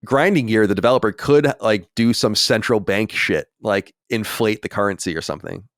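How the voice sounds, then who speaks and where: Male podcast host, low voice, animated and swearing, casual chat. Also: moderate pace, no room sound, clean studio sound. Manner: animated, swearing, many restarts.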